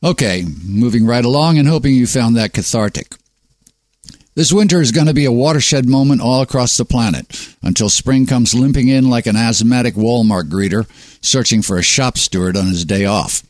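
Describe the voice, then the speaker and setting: A man's voice: mid-range voice, moderate pace, dry recording. Male host, sardonic and preachy monologue, dry close-miked sound. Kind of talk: reading a monologue.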